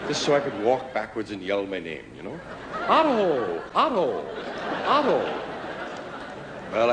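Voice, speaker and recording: A man doing a stand-up comedy routine before a live audience, with a wry, drawn-out delivery and sudden loud outbursts. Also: a little high, noisy background. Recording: live club recording with crowd laughter. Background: audience laughter.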